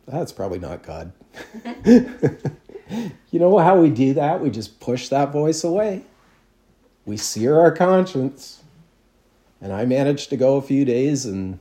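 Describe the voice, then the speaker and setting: A man's voice: medium pitch, warm tone. A man, a pastor, preaching a sermon in a conversational storytelling way with self-deprecating humor.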